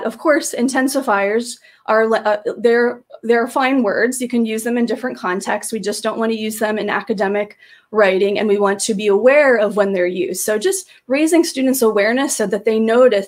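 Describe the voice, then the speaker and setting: A woman presenting slides to teachers, explaining in a patient way with frequent fillers and restarts, speaking into a computer microphone on a video call. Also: fairly high pitch. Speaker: teacher trainer presenting a webinar.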